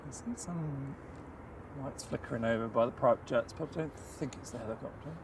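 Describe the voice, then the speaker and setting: A man's voice: medium pitch, a little fast, creaky, recorded from a distance, background noise. A man co-hosting a casual live plane spotting stream outdoors, chatting and reading out flight details. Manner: chatty, self-deprecating, reads flight details. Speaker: plane spotting livestream co-host. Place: outdoors at an airport, walking through mud.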